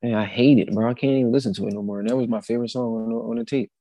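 A young man in casual chat, speaking in relaxed slang, stalling with fillers as he thinks. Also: medium pitch, rapid-fire, no room sound, rough recording.

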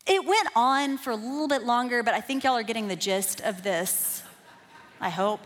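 A woman, a kids pastor preaching a sermon through lively, self-deprecating storytelling. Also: on the high side, normal speed. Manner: animated, self-deprecating, builds to emphatic peaks. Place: church. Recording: long hall reverb.

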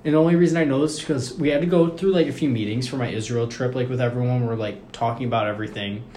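A young man in a casual chat, telling a story in an animated way, with lots of fillers and swearing, and acting out the people he quotes. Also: medium pitch, fast. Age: young adult. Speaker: podcast co-host. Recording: echoey room with faint noise.

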